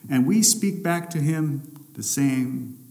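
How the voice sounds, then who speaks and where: A male pastor preaching a sermon, swinging between loud, emphatic lines and hushed, drawn-out ones. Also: medium pitch, lively intonation. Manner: dramatic shifts between loud and hushed delivery.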